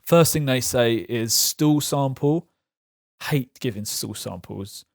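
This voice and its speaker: A man talking frankly to camera about his own experience, halting and self-correcting, with light laughs. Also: mid-range voice, creaky, no echo, clean studio sound. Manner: frank, halting, laughs through hard topics. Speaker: vlogger sharing patient experience. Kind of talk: candid personal talk to camera.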